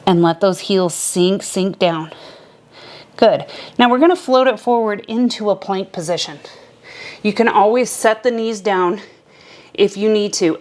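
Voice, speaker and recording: A young adult woman teaching a beginner yoga class, calmly cueing each breath and movement step by step. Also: mid-range voice. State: a little out of breath at times. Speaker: yoga instructor. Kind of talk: guided yoga class instruction.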